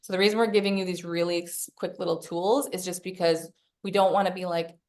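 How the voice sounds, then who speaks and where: A woman's voice: lowish voice, level tone, a little fast, darkish tone. A woman hosting a podcast, giving casual self-help coaching, swearing freely and acting out her own inner voice. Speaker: podcast host.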